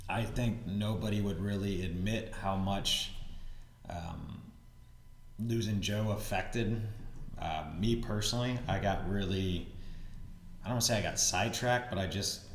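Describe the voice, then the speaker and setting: A man's voice: sits low, slight background noise. A man who owns a gym, hosting a podcast and talking casually and at length, now and then acting out what other people said. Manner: relaxed, rambling, acts out quotes with a raised voice. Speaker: gym owner and podcast host. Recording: roomy echo with faint ambience.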